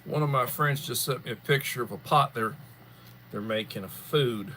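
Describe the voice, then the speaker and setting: A tired, yawning man hosting a casual livestream chat, rambling and unhurried, often repeating words. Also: mid-range voice, pushed and bright, a little hiss or hum. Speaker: livestream host.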